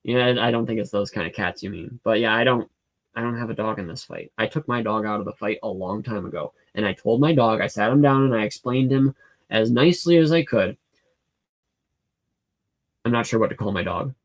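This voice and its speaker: A man's voice: lowish voice, fairly quick. A man hosting a casual livestream Q&A from home, reading viewer comments aloud and answering in a rambling, hesitant way with many fillers and restarts. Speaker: livestream host answering chat questions. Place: home room with a cat.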